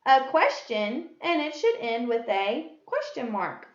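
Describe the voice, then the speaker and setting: Reading example sentences deliberately for young kids, a first grade teacher delivers a slow, clear grammar lesson, her high voice swinging widely in pitch with a sing-song rise and fall. The audio is dull and lo-fi, with room echo around her.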